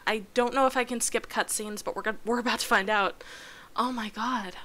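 A woman's voice: a little high, fairly even intonation, a little fast, heavy background noise. A woman streaming a video game live, reacting with exasperation and frequent swearing as she talks to the game. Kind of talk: live gameplay reaction commentary.

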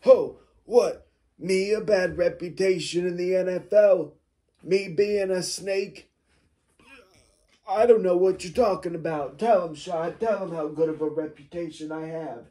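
A man impersonating a smug older male football executive, with a raspy, smoke-worn voice and slow, boastful rambling. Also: high voice, dark tone. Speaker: mock interview guest.

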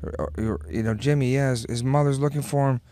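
A man, a podcast guest telling stories in casual chat, animated and swearing freely as he acts out what people said. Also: mid-range voice, fast talker, dry recording, studio quality.

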